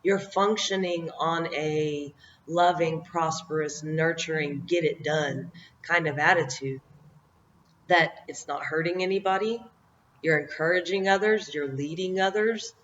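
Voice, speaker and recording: A woman's voice: sits low, unhurried, a bit bright, a little hiss or hum. A middle-aged woman giving a motivational talk to camera, reflective and meandering, often laughing at herself. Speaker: vlogger giving life encouragement. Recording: dull lo-fi audio.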